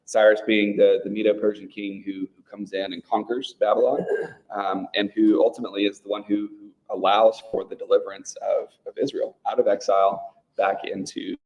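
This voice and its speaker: A man's voice: lowish voice, flat delivery, fairly quick, darkish tone, highs cut off. A man leading a small-group Bible study in a casual, conversational way, often checking in with his listeners. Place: church room with a men's group.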